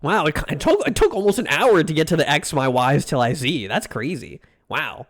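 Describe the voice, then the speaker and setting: Young male streamer, casual live commentary, animated and ranting, pitch sits a bit high. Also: normal speed. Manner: ranting, mock-outraged, swears freely.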